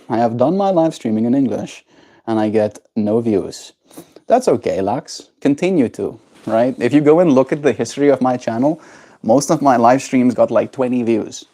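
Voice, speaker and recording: A man's voice: medium pitch, warm tone. A man livestreaming casually, chatting to his pet bird in sing-song baby talk and reading viewer chat aloud. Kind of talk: casual live stream chat.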